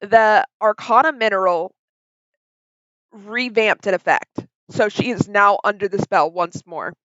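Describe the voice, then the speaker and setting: A young woman narrating a tabletop game as game master, relaxed and hesitant, with many ums. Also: mid-range voice, unhurried, no room sound. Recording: dull lo-fi sound, dry.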